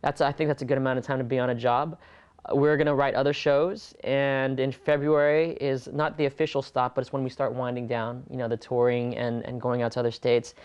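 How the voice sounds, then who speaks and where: A man from California speaks as an interview guest in a smooth, resonant voice of middle pitch. He talks earnestly and with animation, and he laughs easily between his points. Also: little pitch movement, a little fast, darkish tone. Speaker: interview guest, stage performer. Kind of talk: conversational interview.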